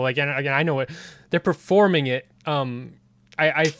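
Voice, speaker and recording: A man's voice: on the high side, moderate pace, fairly bright tone, dry recording. A man in casual group chat, rambling with many restarts and fillers. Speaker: podcast guest.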